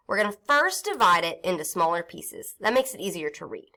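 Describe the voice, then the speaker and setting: A woman teaching a phonics lesson to young children, sounding out syllables slowly and clearly. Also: on the low side, sing-song, pushed and bright. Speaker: reading teacher.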